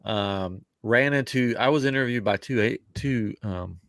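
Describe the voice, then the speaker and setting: A man's voice: medium pitch, a little slow, dry recording, clean studio sound. A man co-hosting a podcast in casual chat, telling stories and acting out what people said. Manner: animated storyteller, acts out quoted voices. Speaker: podcast co-host.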